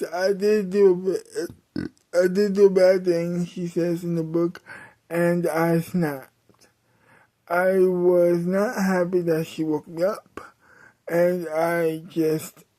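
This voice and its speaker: A woman tells a comic story at an unhurried pace, her voice mellow and soft-edged. She plays it dramatically, stopping to correct herself and sometimes bursting out. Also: on the low side. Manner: dramatic, with self-corrections and sudden outbursts. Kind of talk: comedic storytelling.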